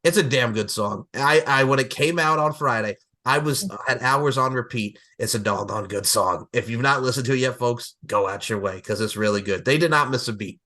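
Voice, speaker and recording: A man in his forties hosting a casual podcast chat, excitable, laughing often and swearing freely. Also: medium pitch, normal speed, few pauses. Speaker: podcast host.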